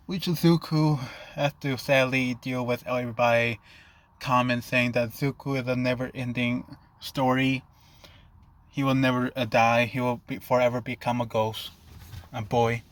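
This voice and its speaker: A man's voice: mid-range voice, little pitch movement, measured pace, no room sound. A man narrating an improvised fan fiction story in a loose, rambling way, often stopping to rephrase.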